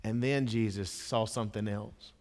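A man preaching a sermon as a dramatic storyteller, dropping to a hush and then rising to impassioned emphasis. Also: on the low side, steady tone, normal speed, a little hiss or hum. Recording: long hall reverb.

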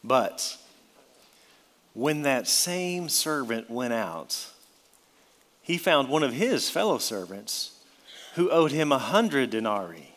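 A man's voice: medium pitch, big pitch swings, slow pace, long pauses, fairly bright tone, long reverb tail. A man preaching an expository sermon, emphatic, with his voice rising and dropping for effect.

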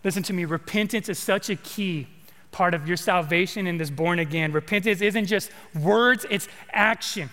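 High, bright-voiced man preaching in a hall. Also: moderate pace. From California. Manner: conversational, repeats words, asks the congregation questions. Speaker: pastor. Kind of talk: sermon.

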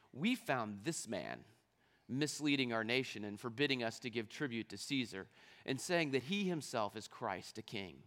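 A man's voice: medium pitch, fairly bright tone. A man preaching a sermon, reading scripture aloud and explaining it, asking rhetorical questions along the way. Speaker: pastor.

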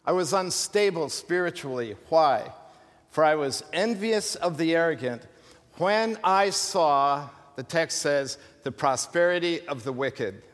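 A male pastor preaching an animated, emphatic sermon with rhetorical questions and humorous asides. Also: fairly high pitch, measured pace. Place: church sanctuary. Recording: long hall reverb from a church.

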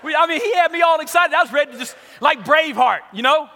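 A male pastor telling a comic story in a sermon, acting out the people in it with lively energy. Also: extremely high pitch, fast. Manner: animated, comic, acts out the people in his story. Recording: long reverb of a large hall.

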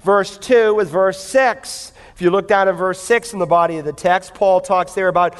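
A man's voice: sits high, steady tone, moderate pace, smooth, long reverb tail. A man preaching a sermon, telling a story and then working through verses in an emphatic, conversational way. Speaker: pastor.

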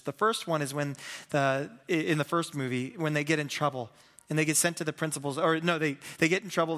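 A man's voice: fairly high pitch, big-room sound. A man preaching a sermon as pastor, telling stories with acted-out quotes and a self-deprecating humor. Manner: animated storytelling with acted-out quotes.

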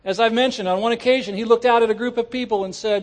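A man preaching a sermon to his congregation, animated and rising at times to shouts. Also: very high-pitched, fast talker. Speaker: pastor. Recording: church sermon audio.

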